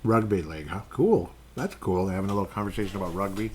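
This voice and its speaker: Male podcast host, lower register, loose and chatty, reads fan comments on air. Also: animated, fast talker, darkish tone, a little hiss or hum. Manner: rambling, chatty, reads fan posts aloud. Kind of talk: casual solo sports podcast.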